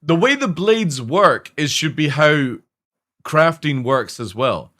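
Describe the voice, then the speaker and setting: A man's voice: fairly high pitch, big pitch swings, slow, fairly bright tone. A man streaming a game, ranting casually about its design, swearing often and sounding exasperated. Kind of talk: profane casual rant while streaming.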